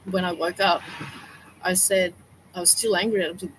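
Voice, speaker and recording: A woman's voice: medium pitch, normal speed, pauses often, a little hiss or hum, low-quality recording. Rambling middle-aged woman. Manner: rambling, laughs often, animated retelling. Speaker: livestream host. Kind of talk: casual livestream chat.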